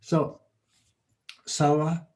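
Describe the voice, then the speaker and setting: A man leading a guided coaching exercise on a video call, gently repeating his prompts. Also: fairly high pitch, completely flat delivery, very slow. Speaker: healing facilitator.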